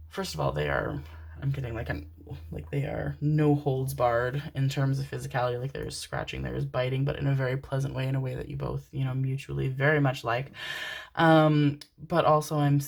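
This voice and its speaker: Young woman, low voice, casual rambling tarot reader, laughs easily. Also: gravelly, darkish tone. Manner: rambling, chatty, laughs and swears. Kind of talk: casual pick-a-card reading.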